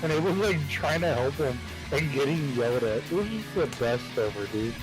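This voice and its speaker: A man's voice: medium pitch, lively intonation, a little fast, over music, low-quality recording. Laid-back man telling a prank story. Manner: laid-back, swears often, laughs at his own story. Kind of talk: casual storytelling.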